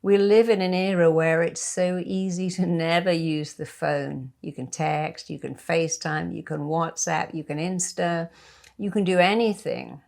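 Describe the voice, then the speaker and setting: A middle-aged woman speaks as a therapist, giving advice with emphatic, encouraging conviction. Her voice sits a little low for a woman. She often breaks into short sample phone calls to show how it's done. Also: steady tone, unhurried, creaky, darkish tone. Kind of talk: advice talk to camera.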